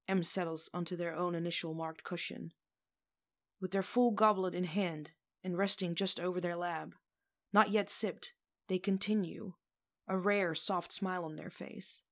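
Gentle woman reading a story aloud. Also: on the low side, fairly even intonation, unhurried. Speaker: audiobook reader. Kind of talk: fan fiction audiobook narration.

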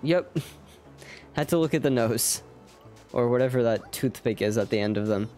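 Streaming a game live, a young man rambles through casual commentary, joking at his own expense and talking to viewers. His voice is mid-range and dark in tone, at a moderate pace, over faint game music.

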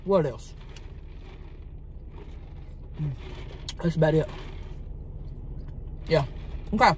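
A woman's voice: low voice, extremely slow, a little mellow, a little hiss or hum. A woman playing a brash, crude trailer-park wife who chats crudely while eating in a parked car. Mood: chatty. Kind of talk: comedic mukbang character sketch.

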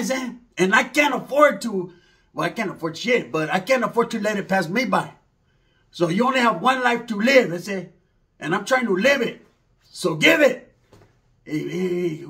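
A man's voice: sits high, lively intonation, normal speed, sharp tone. A man doing a rambling, slangy comedy monologue, mixing in Spanish words.

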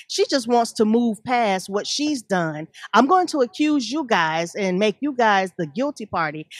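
A woman's voice: fairly high pitch, dry recording, clean studio sound. A woman co-hosting a casual review chat, blunt and sassy in her talk. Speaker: co-host of a reality TV review show.

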